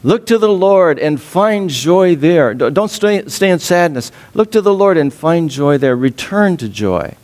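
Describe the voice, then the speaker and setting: A man preaching a sermon as a pastor, expressive, laughing often and dropping soft and low on sad points. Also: unhurried, few pauses.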